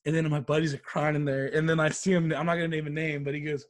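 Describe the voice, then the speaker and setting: A young man on a podcast telling stories in a casual, animated way, acting out what others said. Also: fairly high pitch, fast. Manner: animated, swearing, acts out quotes. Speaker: podcast co-host. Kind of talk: casual storytelling chat.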